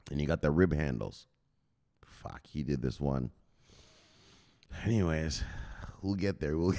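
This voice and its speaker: A man hosting a crypto news stream in a boisterous, profane casual chat and shouting out viewers. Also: low voice.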